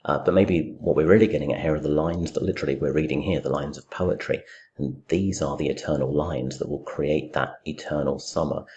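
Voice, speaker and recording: A man's voice: a bass voice, steady tone, a little fast, a little mellow, muffled recording, a little hiss or hum. A middle-aged man teaching a poetry commentary, thinking aloud with many fillers and restarts. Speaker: English literature teacher. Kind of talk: recorded lecture, poetry commentary.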